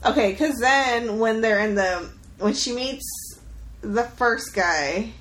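A woman's voice: fairly high pitch, slow, fairly bright tone. Curious, chatty American woman. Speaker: podcast co-host. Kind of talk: casual movie-discussion chat.

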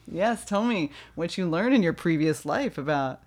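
A woman's voice: lowish voice, lively intonation, slow, a little mellow. A woman co-hosting a casual podcast chat, talkative and playful, laughing often. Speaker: podcast co-host.

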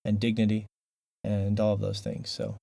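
A man hosting a podcast in a casual chat. He talks in an animated, joking way that tends to ramble. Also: lowish voice, moderate pace, gravelly. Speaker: podcast host.

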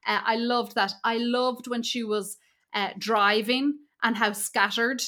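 A woman co-hosts a podcast in a relaxed, chatty way, with a bright, clear tone. Her pitch sits a little high, and she is openly enthusiastic as she talks. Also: unhurried. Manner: enthusiastic, slips into airy mimicking voices. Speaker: podcast co-host. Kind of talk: casual film discussion.

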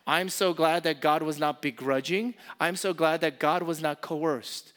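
A man preaching a sermon as pastor, impassioned, repeating key phrases and swinging from loud emphasis to soft, intimate asides. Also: on the high side, fairly even intonation, measured pace, few pauses.

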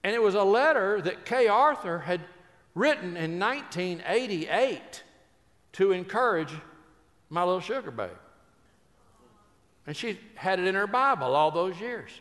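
An older man tells folksy, joking stories that turn earnest, in a fairly high voice. His words ring out with the long reverb of a large hall. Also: animated, a little slow, pauses often, a bit bright. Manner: folksy, joking storyteller who turns earnest. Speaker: Christian speaker and humorist. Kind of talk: humorous storytelling talk.

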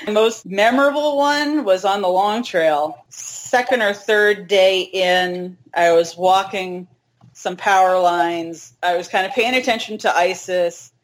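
Woman, middle-aged, casual interview guest, lively delivery, acts out dialogue. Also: mid-range voice, unhurried. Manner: animated, acts out quoted dialogue.

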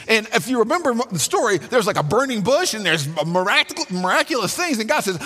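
A man's voice: very high voice, big pitch swings, brisk, fairly bright tone, slightly rough. A man preaching a sermon in a conversational way, with colloquial asides and frequent restarts. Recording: long hall reverb.

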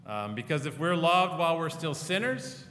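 A man gives a sermon from the pulpit, earnest and pastoral, often falling to a hushed, tender tone. His voice sits a bit above the usual male range. A long hall reverb trails after his words in the large sanctuary. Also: fairly high pitch, sing-song, normal speed, slight background noise.

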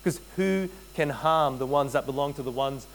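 A man preaching a sermon, earnest and direct, addressing his listeners as friends and repeating key phrases, often dropping to a hushed intensity. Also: medium pitch, normal speed, rough recording. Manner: addresses listeners as friends, frequent tag questions. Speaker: pastor.

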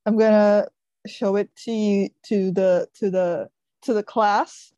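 Chatty woman with a slow easy pace. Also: mid-range voice, steady tone, dark tone, dry recording, muffled recording. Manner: chatty, frequent fillers like "sort of" and "like". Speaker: podcast co-host. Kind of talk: casual book chat.

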